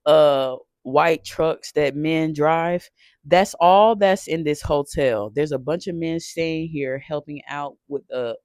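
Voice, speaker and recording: A man telling a painful personal story off the cuff, emotional and halting, swearing and restarting often. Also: fairly high pitch, a little mellow, no room sound, clean studio sound. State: shaken while recounting.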